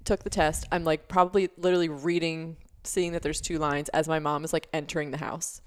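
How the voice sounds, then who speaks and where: A young woman's deep voice holds a level tone and moves a little fast as she shares a story on her podcast. As co-host, she keeps it casual and chatty, with frequent fillers.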